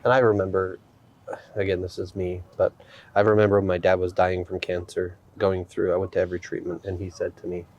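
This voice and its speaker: Casting: man with a very low voice, relaxed reflective podcast host. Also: a little fast, highs cut off. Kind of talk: podcast interview.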